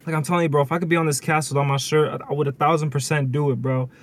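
A man's voice: on the high side, little pitch movement, racing. A man co-hosting a casual podcast chat, talking in laid-back slangy banter full of "bro" and "y'all". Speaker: podcast co-host.

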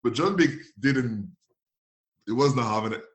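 A lively man with as his spins football stories in a casual interview. He laughs often, slips into voices for the people he quotes, and his pitch sits in an ordinary middle range. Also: normal speed. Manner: animated, laughing often, acting out others' voices. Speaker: former footballer guest.

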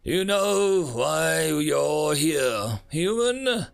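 A man voicing an arrogant alien leader who talks with mocking contempt, pitched well above his own voice. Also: expressive, extremely slow, vocal fry, full character voice. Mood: scornful.

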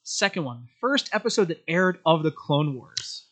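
Bright-voiced animated young man. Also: on the high side, moderate pace. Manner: animated storytelling, acting out characters' lines. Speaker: podcast guest. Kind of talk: casual podcast chat.

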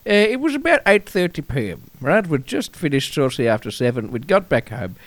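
A man co-hosts an improvised comedy show, his fairly high voice swinging widely in pitch. He rambles and stumbles over his words, restarting sentences as he goes. The sound is close and dry. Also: sing-song, no room sound. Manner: rambling, halting delivery with many restarts. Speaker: podcast co-host.

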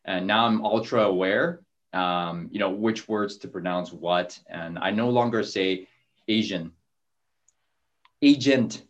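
A man's voice: sits low, slow, lo-fi sound. A man hosting a group call, talking casually with fillers and restarts.

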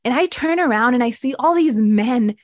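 A woman's voice: on the high side, expressive, normal speed, no room sound, clean studio sound. A woman, a podcast guest and breathwork mentor, telling her life story in a casual interview and acting out her past thoughts as quotes.

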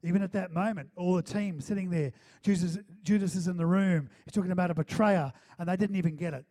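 Man preaching with high, animated energy. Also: fast talker. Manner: animated, conversational preaching with rising intensity and rhetorical questions. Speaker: pastor. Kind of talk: sermon. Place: church hall.

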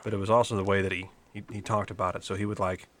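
A man with a low, fairly flat, slightly bright voice talks rapid-fire over slight background noise. It's casual podcast chat: he rambles, curses, and keeps restarting his sentences mid-thought.

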